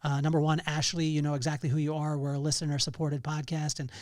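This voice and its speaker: A middle-aged man hosting a casual solo podcast, telling stories with bursts of excitement and a lot of fillers and restarts. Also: fairly high pitch, fast talker, dry recording, clean studio sound. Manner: animated storytelling with bursts of excitement. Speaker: podcast host.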